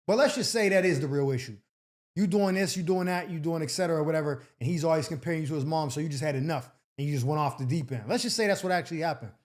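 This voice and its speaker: A young man with a fairly high voice talks through viewer letters in loose, slang-filled casual commentary. He riffs animatedly and slips into acted-out voices of the people in the stories. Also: rapid-fire. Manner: animated slang-heavy delivery, acts out quoted people. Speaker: advice show host.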